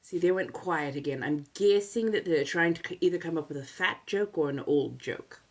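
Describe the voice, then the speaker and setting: A woman with a notably low voice, speaking in a put-on 1700s colonial American accent. She hosts an ASMR livestream in a soft-spoken, chatty way. Her delivery is teasing and playful, with frequent laughs. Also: normal speed.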